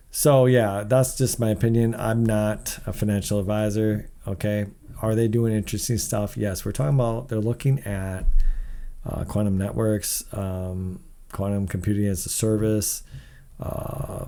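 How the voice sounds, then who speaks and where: A man with a low, gravelly voice and a dark, mellow tone talks through financial numbers in a loose, rambling way. He sounds worn out and openly skeptical, giving blunt verdicts between yawns. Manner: blunt, skeptical, rambling asides, keeps yawning. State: tired. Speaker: tech video host. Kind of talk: casual commentary reading financial figures.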